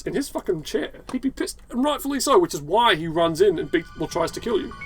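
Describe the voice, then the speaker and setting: A man's voice: high voice, sing-song, brisk, hardly any pauses, rough recording. A young man rambling and swearing in sardonic commentary while he plays a video game in a hot room. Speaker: gaming YouTuber. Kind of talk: rambling commentary over gameplay. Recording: game music clearly audible behind.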